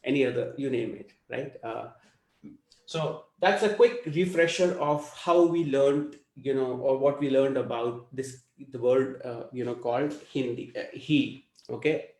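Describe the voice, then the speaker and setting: A man's voice: medium pitch, unhurried, a little mellow. Guy teaching a language class, patient, keeps asking okay?, echoey room sound. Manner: explains patiently, checks in with "okay?". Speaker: Hindi teacher.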